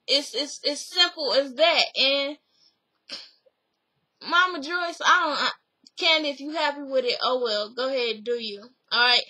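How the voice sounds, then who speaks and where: A woman's voice: sits high, sharp tone, rough recording. A young woman giving a blunt, chatty recap of a reality TV episode, swearing freely.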